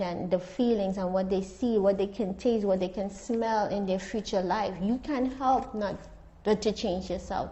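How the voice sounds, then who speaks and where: In dull-sounding audio, a therapist guest speaks in a dark-toned, mid-range voice during a casual interview. She reflects earnestly on her work with clients.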